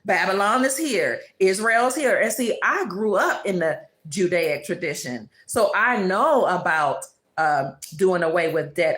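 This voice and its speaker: A woman's voice: medium pitch, fairly bright tone. A woman hosting her own channel, giving an emphatic spiritual monologue full of repeated declarations. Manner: emphatic, declarative, preachy repetition. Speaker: channel host. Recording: roomy echo.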